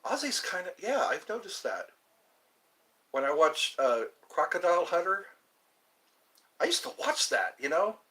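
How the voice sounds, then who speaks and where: Bright-voiced rambling man vlogger. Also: high-pitched, big pitch swings, measured pace, long pauses. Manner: meandering, chatty, puts on playful voices. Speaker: channel host. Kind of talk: rambling casual vlog chat.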